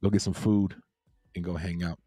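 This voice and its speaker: Male livestream host, low mellow voice, loose repetitive chatter, dry close mic. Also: little pitch movement, normal speed, no room sound, soft background music. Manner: laid-back, repeats himself, reads chat aloud. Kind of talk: casual livestream chat with viewers.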